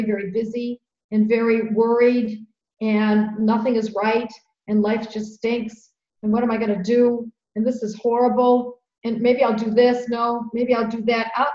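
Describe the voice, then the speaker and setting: A middle-aged woman with a fairly high voice tells a story on a podcast, earnest and animated, leaning on repeated phrases. The sound is roomy and a bit dull, as if taken in an echoey room on a modest mic. Her tone stays conversational throughout. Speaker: podcast host.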